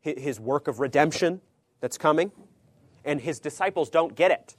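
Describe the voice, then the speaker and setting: A pastor or Bible teacher delivers a conversational sermon, alternating emphatic, loud phrases with hushed, low asides and often checking in with listeners. He's animated at a moderate pace, in clean studio sound with no room sound.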